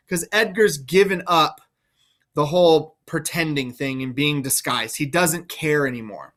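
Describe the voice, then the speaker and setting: A man's voice: on the high side, expressive, normal speed, sharp tone. A male teacher casually explaining a play to students, often checking in with "right?".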